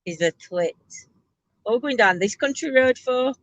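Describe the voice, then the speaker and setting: A woman's voice: on the high side, expressive, normal speed, dry recording, dull audio. A woman hosting a casual ghost tour chat from inside a moving car, rambling and laughing, with lots of ums, recorded on a handheld camera. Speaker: host of a ghost tour show.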